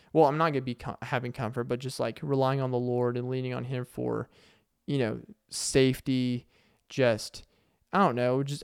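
A man's voice: medium pitch, clean tone, no room sound, clean studio sound. A young man with a Southern accent hosting a solo podcast, earnest and rambling, with many ums and uhs. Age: young adult. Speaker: podcast host and stand-up comedian. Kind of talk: casual solo podcast talk. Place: corner of a warm room.

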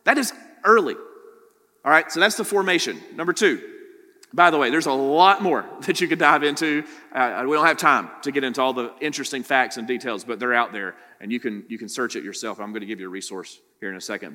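A man's voice: medium pitch, animated, a little fast, bright, forceful tone. A male pastor preaching a sermon in a conversational teaching manner, constantly checking in with "right?". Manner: conversational teaching, frequent "right?" tag questions. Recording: long hall reverb.

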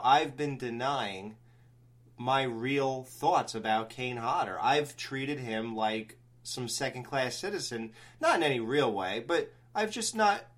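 A man hosting a podcast, telling a long story in casual chat, rambling and animated with many restarts. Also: mid-range voice. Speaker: podcast host.

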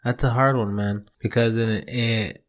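A man's voice: fairly low pitch, steady tone, measured pace. A young man co-hosting a casual podcast, telling stories in a laid-back way, swearing often and calling his friend bro and dude. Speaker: podcast co-host. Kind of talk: casual chat.

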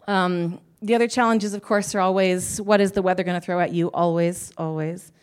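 A woman's voice: fairly low pitch, fairly even intonation, a little fast, smooth. A woman panelist at a live conference, talking in a chatty, self-deprecating way and laughing often. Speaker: panelist, business owner.

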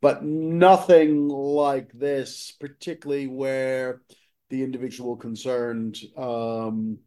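A man from Boston co-hosting a podcast discussion, talking in an animated way and stressing key words. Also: mid-range voice, slow pace. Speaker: podcast co-host. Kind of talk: conversational discussion.

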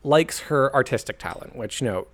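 A man's voice: mid-range voice, animated, a little fast, fairly bright tone. A young man co-hosting a casual podcast, analytical and rambling, with lots of "like" fillers. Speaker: podcast co-host.

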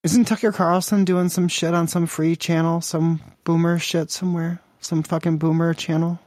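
A man's voice: on the high side, level tone, normal speed, darkish tone, no room sound, studio quality. A man hosting a crude prank call podcast, mocking and rambling with lots of profanity.

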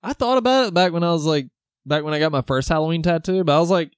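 A man's voice: fairly high pitch, quick pace, clean tone, no room sound, clean studio sound. A man co-hosting a podcast, chatting casually, laughing often, swearing and acting out film lines. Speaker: podcast co-host. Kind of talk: casual chat.

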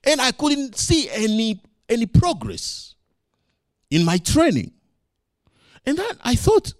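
A man preaching a sermon as pastor, swinging from loud emphasis to quiet asides and acting out his own quoted words. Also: extremely high pitch, wildly swooping pitch, slow pace, pauses often, dry recording, clean studio sound.

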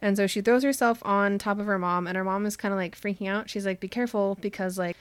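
Her medium-pitched voice is clean and fairly even, moving at a quick pace with no room sound. This young woman hosts a podcast recapping a book, chatting and laughing as she retells the plot, using "like" heavily and loosely voicing characters.

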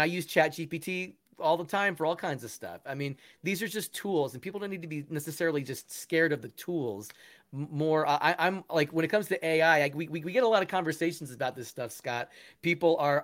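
An enthusiastic man with a fairly high voice, talking in a casual interview. He is earnest and keeps restarting his sentences as his ideas pile up. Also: fairly bright tone. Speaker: guest, musician and education founder.

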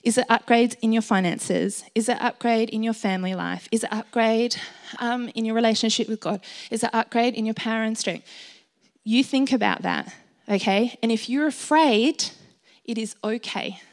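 A woman's voice: a little high, moderate pace. A woman giving an informal, encouraging sermon to a gathered group, chatty and full of ums and light laughs. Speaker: speaker sharing a Bible message.

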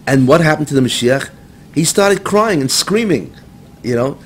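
A man's voice: fairly high pitch, lively intonation, normal speed, breathy edge. A man teaching a religious text, translating and explaining it in a lecture with bursts of dramatic emphasis. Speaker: Torah teacher.

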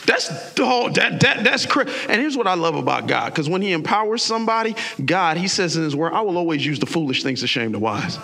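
Gravelly high-voiced animated pastor. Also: male voice, brisk, few pauses. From South Florida. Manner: animated preaching with voiced asides and impressions. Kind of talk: sermon.

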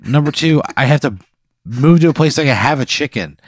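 A man's voice: on the high side, expressive, brisk, dry recording. A man playing his character in an improvised tabletop game, exasperated and swearing a lot. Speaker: player. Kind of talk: improvised role-play.

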